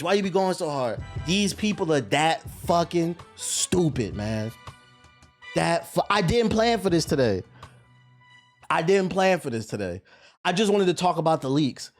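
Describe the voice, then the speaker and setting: Dude streamer going off on chat, high voice that jumps all over, faint music behind. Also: male voice, very animated, moderate pace. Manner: profane, mocking, ranting. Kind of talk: heated live-stream rant.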